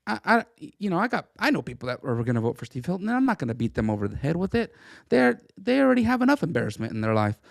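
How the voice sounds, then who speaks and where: A middle-aged man co-hosting a casual political podcast, talking in an animated, stammering, jokey way. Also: a little high, racing, creaky, dry recording, clean studio sound. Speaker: podcast co-host.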